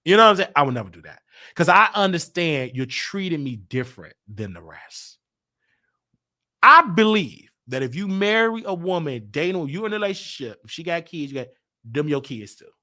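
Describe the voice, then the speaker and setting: Guy hosting his stream, heartfelt and confessional, bright voice swinging all over. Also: on the high side, sing-song, moderate pace. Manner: heartfelt, confessional, repeats himself. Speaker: show host. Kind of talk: candid personal livestream talk.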